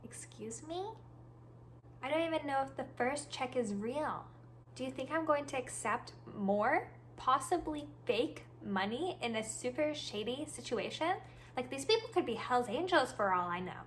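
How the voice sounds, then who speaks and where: A woman hosting a storytime podcast, telling her tale in an animated, exasperated way. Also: sits high, moderate pace, a little hiss or hum. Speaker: podcast host.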